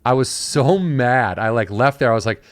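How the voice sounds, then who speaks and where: Speaking at a moderate pace with lively intonation, a man with a mid-range voice hosts a laid-back podcast conversation. He spins stories and performs the voices of those he quotes, and the recording has no room sound.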